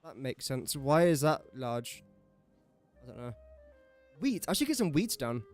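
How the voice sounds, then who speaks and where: A man's voice: mid-range voice, sing-song, a little slow, faint music behind. A young English man streaming a game, chatting and joking to himself and to the characters on screen. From England. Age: young adult. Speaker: gaming streamer. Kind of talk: casual gameplay commentary.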